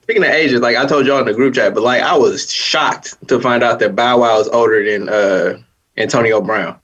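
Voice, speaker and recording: A man's voice: medium pitch, moderate pace, a bit bright, slightly rough, dull audio. A man hosting a casual podcast chat, telling stories in an easygoing way.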